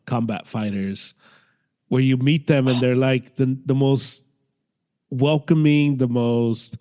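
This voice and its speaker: Male podcast co-host, mid-pitched, thinks aloud with false starts. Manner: halting, restarts, animated asides. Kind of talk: casual chat.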